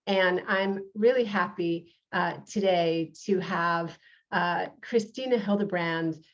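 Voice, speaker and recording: A woman's voice: fairly low pitch, takes it slowly, dull audio. A woman with a New York accent hosting an interview show, earnest and full of uhs and restarts. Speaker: show host, reverend.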